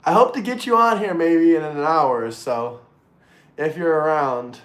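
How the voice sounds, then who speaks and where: A man hosting a casual livestream and talking to his chat, excitable, swearing freely and repeating himself. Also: fairly high pitch, unhurried. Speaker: livestream host reading chat. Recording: roomy echo.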